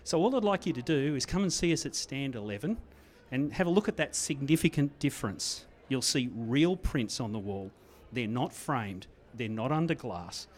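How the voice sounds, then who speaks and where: A man addresses the room as a sponsor, pitching his business with dry, wry humor. His voice sits at a mid pitch and stays conversational throughout. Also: expressive, moderate pace. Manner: wry, salesmanlike. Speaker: company representative, sponsor. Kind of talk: sponsor speech. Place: judging room at a photography awards event.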